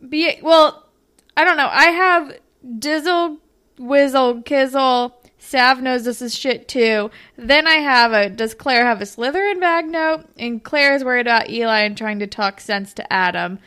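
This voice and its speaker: Bright, giggly young woman recapping a show. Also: high voice, measured pace, smooth. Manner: giggly, animated, acts out quotes. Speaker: podcast co-host. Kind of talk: casual chat recapping a TV episode.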